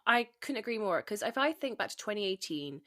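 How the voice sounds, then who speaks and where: A woman's voice: mid-range voice, big pitch swings, a little fast, a bit bright, dry recording. Podcast host: woman, chatty and casual, mid-range voice, dry close mic. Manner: chatty, swears casually, backchannels a lot.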